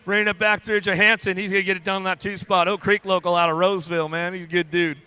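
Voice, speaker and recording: High, bright-voiced man calling BMX races. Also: flat delivery, clean tone. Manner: rapid-fire, playful, joking with riders and crew. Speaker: race announcer. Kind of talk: live race commentary. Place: BMX race track.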